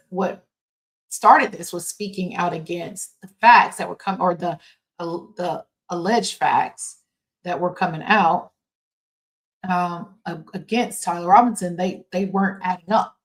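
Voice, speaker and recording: A woman with a somewhat low voice hosts a casual commentary podcast from her home. She talks in a loose, halting way, full of fillers and self-corrections. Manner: halting, with many fillers and restarts. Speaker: podcast host.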